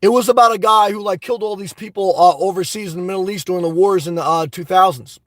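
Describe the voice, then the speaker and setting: A man hosting a live stream, reading viewer chat and ranting excitedly with lots of cursing and rambling fillers. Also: high-pitched, quick pace, no echo, rough recording.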